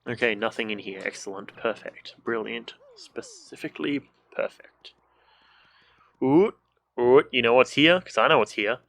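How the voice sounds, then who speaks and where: A man's voice: mid-range voice, moderate pace, gravelly, fairly bright tone. Joking young male game streamer. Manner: joking, swearing, makes sound effects like boing and bonk. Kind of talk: casual let's-play commentary.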